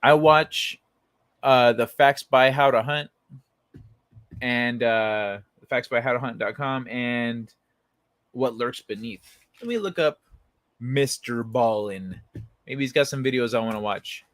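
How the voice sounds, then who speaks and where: This is a late-night stream hosted from bed, where a man chats loosely, reads out viewer messages and names the people in chat. He speaks slowly in a mid-range, slightly bright voice, rambling in a laid-back way. No room sound comes through.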